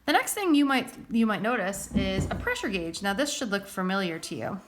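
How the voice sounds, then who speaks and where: A woman's voice: mid-range voice, very animated, fairly quick, background noise. A woman teaching a recorded science lesson in a casual, chatty way, often checking in with the listener.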